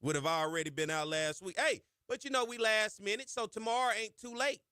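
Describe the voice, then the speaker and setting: A man hosting a sports talk radio show, chatting casually in folksy slang and getting loud and high when he hypes a point. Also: a little fast, smooth, no echo, clean studio sound. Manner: folksy Southern slang, chatty asides to his producer. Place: radio studio. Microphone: studio microphone.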